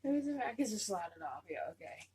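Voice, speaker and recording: A woman unboxing a doll on her vlog, gushing with repeated exclamations and drifting into soft murmurs. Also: medium pitch, very animated, a little fast, very noisy. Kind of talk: casual excited unboxing chat.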